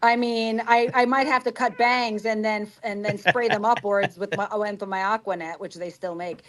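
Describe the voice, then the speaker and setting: A woman's voice: on the high side, steady tone, moderate pace. A woman with a Long Island accent chatting casually on a call-in show, leaning on fillers. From Long Island, New York. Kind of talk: casual chat.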